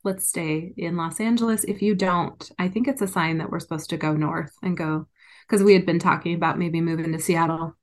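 A woman's voice: lowish voice, fairly even intonation, a little fast. A woman being interviewed, telling a personal story candidly and with emotion. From United States. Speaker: interview guest.

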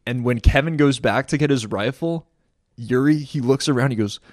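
A young man telling a war story in casual chat, animated, laughing often and saying "dude" a lot. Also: medium pitch, normal speed, dry recording, clean studio sound. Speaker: guest, former soldier.

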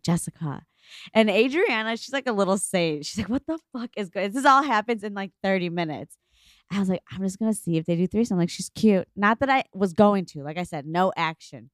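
Young woman telling a story, lively and swearing. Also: no echo, clean studio sound. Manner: animated storyteller, acts out quotes with big pitch jumps, swears freely. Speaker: podcast co-host. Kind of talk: casual chat.

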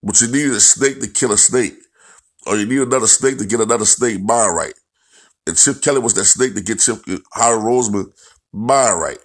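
A man's voice: lowish voice, normal speed, husky. A man ranting bluntly and profanely about football, repeating himself as he goes. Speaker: football commentator. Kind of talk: profane sports rant.

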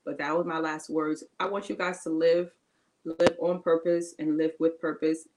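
A woman's voice: low-pitched, level tone, normal speed, noisy background. Woman preaching on a podcast, emphatic and repetitive. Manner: preachy and emphatic, repeating phrases; informal, casual grammar. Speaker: podcast co-host. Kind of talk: encouraging faith-based podcast talk.

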